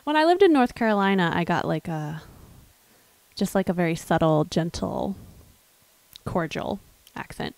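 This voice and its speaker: A woman with a lowish voice and a gravelly fry in it, rambling thoughtfully between songs on her music livestream. She has no regional accent, uses lots of fillers and answers viewers' comments. The sound is close and dry. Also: expressive, moderate pace, a little mellow, no room sound, rough recording. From US South. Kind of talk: casual chat between songs.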